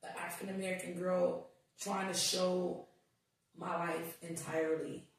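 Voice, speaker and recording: A woman guest on a podcast, telling stories in casual chat, animated and swearing as she acts out what people said. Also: lowish voice, unhurried. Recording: echoey room, distant mic.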